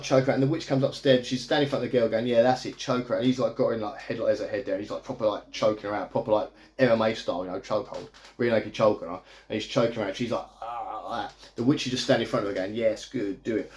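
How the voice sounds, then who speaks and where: A man's voice: mid-range voice, darkish tone. Chatty man recapping a film. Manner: chatty plot recap, amused, loose and rambling with fillers. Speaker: movie reviewer. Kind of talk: casual movie review vlog. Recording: echoey room.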